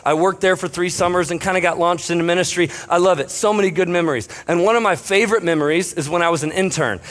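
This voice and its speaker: A young male pastor speaks to his congregation with a fairly high-pitched voice. He tells a long, self-deprecating story, full of fillers and quick jokes. The delivery is loose and conversational. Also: fairly bright tone. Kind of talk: casual storytelling sermon. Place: church stage before a congregation.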